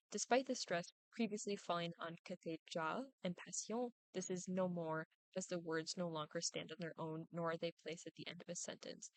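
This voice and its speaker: A young woman, a student, reading her prepared class presentation aloud, deliberately overemphasizing stressed syllables in her examples. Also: lowish voice, fairly even intonation, no echo, low-quality recording.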